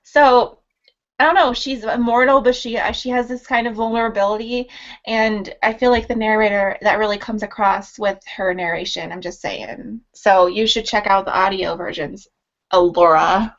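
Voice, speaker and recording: A woman's voice: medium pitch, fairly even intonation, moderate pace, dull audio. Chatty woman book blogger on a call. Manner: chatty, giggly, repeats her guest's words. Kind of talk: casual video chat.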